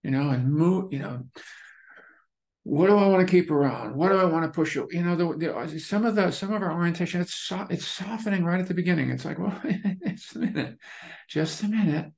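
A man teaching meditation in a relaxed, conversational way, repeating phrases and restarting as he searches for words. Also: fairly high pitch, brisk. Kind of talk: dharma talk.

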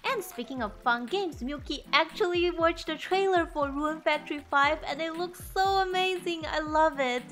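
Bubbly high-voiced woman gaming. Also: normal speed, hardly any pauses, a bit bright, faint music behind. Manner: bubbly, gushing, refers to herself by name in third person. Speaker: gaming YouTuber. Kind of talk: let's play commentary.

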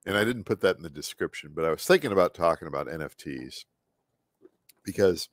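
Low-voiced man with a scratchy voice. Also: very animated, normal speed, no room sound, studio quality. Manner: muttering to himself, trailing off and restarting. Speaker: artist hosting a live painting stream. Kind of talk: rambling live-stream chat while painting.

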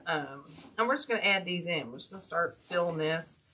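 A woman's voice: fairly low pitch, lively intonation, a little fast, sharp tone, breathy edge. An older woman from Ohio hosting a casual craft livestream, chatty and folksy, greeting viewers by name. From Ohio, USA. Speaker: wreath-making livestream host.

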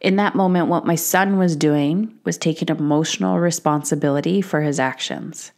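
A woman's voice: low voice, normal speed, a little mellow. A woman in her thirties hosting a solo podcast, talking candidly and casually swearing, acting out the voices she quotes. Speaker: podcast host.

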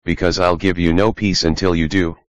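A man's voice: low voice, flat delivery, brisk, no room sound, highs cut off, natural voice. A man reading the part of a curious, gossipy young male rabbit in a storybook. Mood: eager. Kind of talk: audiobook reading.

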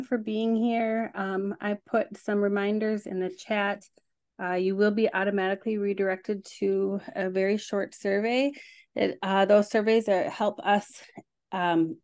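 A woman's voice: medium pitch, darkish tone. Woman making casual webinar closing announcements. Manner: casual, with frequent um and uh. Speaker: webinar host.

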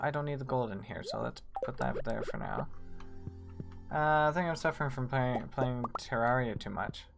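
A woman streaming a game, chatting with viewers as she plays, with sudden excited squeals. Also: vocal fry. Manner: chatty, reads and answers chat while playing; excitable, quick bursts of high squeals. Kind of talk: live gameplay commentary. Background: faint game music.

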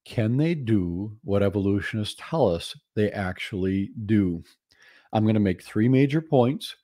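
A man's voice: lowish voice, animated, unhurried, dark tone, no room sound, clean studio sound. A man giving a lecture presentation as a guest speaker, laying out numbered points with humour. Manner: humorous, lists numbered points.

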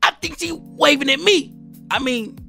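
A man's voice: very high-pitched, moderate pace, creaky, sharp tone, soft background music, exaggerated voice. A man voicing a crude, laid-back cartoon character who cusses in slang. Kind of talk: comedic cartoon voice acting.

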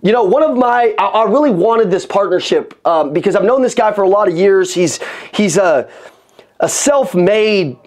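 A man giving an energetic motivational talk on sales to an audience, repeating phrases for emphasis. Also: sits high, normal speed. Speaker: sales coach. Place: room with an audience.

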